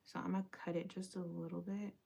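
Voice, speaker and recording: Young woman livestreamer, gravelly voice, casual chatty read. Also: lowish voice, level tone, quick pace, dark tone. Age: young adult. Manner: chatty, talks to viewers while doing her makeup.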